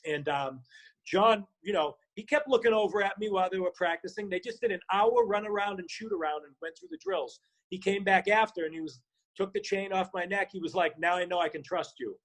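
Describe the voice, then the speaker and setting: A middle-aged man with a Boston accent, a podcast guest and actor, telling stories in an animated way, swearing freely and acting out the voices he quotes. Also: high voice, fairly quick, rough recording. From Boston area. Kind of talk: casual storytelling.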